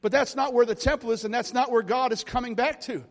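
A man's voice: very high voice, steady tone, fast, in a large hall. A middle-aged man preaching a sermon, telling his story with passion and acting out conversations with God.

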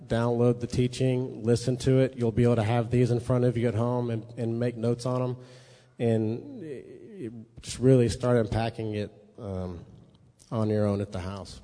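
Man, sermon teaching, mellow voice, long hall reverb. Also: medium pitch. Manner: conversational, checks in with listeners. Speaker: preacher.

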